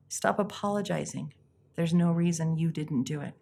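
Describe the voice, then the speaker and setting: A woman life coach giving an earnest, reflective self-help talk, pausing often and acting out little quotes. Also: deep voice, creaky, dark tone. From United States.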